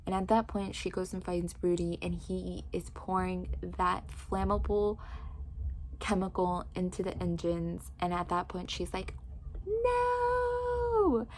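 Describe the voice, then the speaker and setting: A woman recapping a book's plot in casual chat, telling it with lively energy and many fillers like "like". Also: fairly low pitch, a little slow, slight background noise. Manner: animated storytelling with frequent "like". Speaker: book reviewer.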